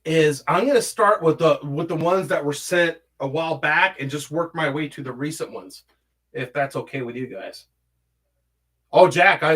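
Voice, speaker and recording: A man's voice: fairly high pitch, a bit bright. Swearing, rambling man on a home livestream. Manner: rambling, swears a lot, hums filler syllables. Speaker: livestream host reading chat. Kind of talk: casual profane chat.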